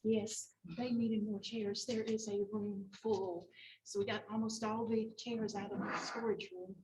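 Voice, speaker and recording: A woman helping at a church, speaking in a relaxed, matter-of-fact way. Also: mid-range voice, measured pace. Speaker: church helper. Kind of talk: casual chat. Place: church room. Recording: distant, dull sound with faint noise.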